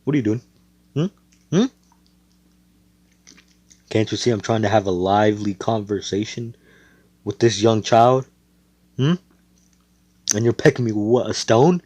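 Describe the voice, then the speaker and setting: A brash young hero with a swaggering, foul-mouthed way of talking, put on by a man telling the story. His voice sits fairly low and dark, and the sound is dry and close. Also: a little slow, pauses often, dry recording. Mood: irritated. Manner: swaggering, swears freely. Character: brash cocky young hero, blunt and rude.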